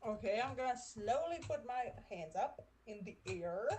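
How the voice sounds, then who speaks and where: A woman's voice: on the high side, lively intonation, measured pace, darkish tone, slight background noise. A woman playing in a tabletop game, hesitant and stammering as she speaks in character. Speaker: player. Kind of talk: casual tabletop role-play.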